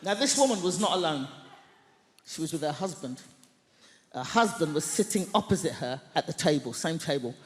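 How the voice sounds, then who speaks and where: A woman doing stand-up comedy, telling a story in an animated, mock-outraged way on a large theatre stage. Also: deep voice, moderate pace. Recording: echoey hall, long reverb.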